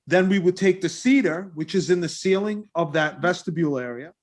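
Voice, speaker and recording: Brief: man, slightly high voice, applicant at a planning board, earnest, stumbles and restarts, keen to please. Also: lively intonation, a little fast. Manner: earnest, eager, many restarts. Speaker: applicant presenting a restaurant design. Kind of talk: presentation at a public meeting.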